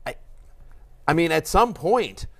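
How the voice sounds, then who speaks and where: A man co-hosting a fantasy football show, talking in an excitable, rambling way with lots of restarts. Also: a little high, slow pace, creaky, husky. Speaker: fantasy football analyst and co-host. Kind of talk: animated sports podcast chat. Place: studio.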